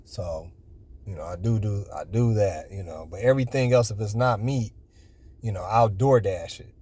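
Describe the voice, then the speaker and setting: A man's voice: on the low side, normal speed, dark tone, husky. Rambling man in his forties. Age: 40s. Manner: rambling, full of "you know" fillers. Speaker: vlogger. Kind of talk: casual storytelling.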